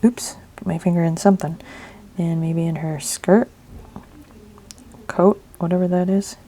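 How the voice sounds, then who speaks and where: A woman with a lowish, mellow voice speaks in an unhurried way with fairly even intonation, and there's slight background noise. She's hosting a craft video, casually narrating and thinking aloud as she works, often mumbling or half-whispering to herself.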